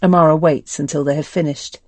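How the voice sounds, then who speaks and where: A woman reading an audiobook in a measured, steady scripted narration. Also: deep voice, no room sound.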